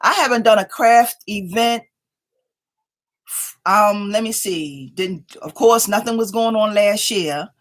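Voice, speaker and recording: A woman's voice: medium pitch, takes it slowly. A woman hosting a casual craft livestream from home, greeting viewers by name as they join and chatting along, a little sleepy. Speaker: craft channel host.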